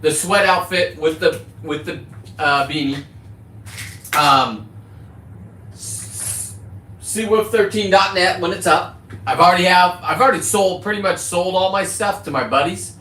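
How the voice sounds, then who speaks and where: Brash middle-aged male streamer, swearing and rambling, voice pitched a bit high, recorded in a reverberant space. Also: measured pace, sharp tone, slight background noise. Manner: profane, boisterous, jumps between topics. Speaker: livestreaming content creator. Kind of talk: rambling casual livestream.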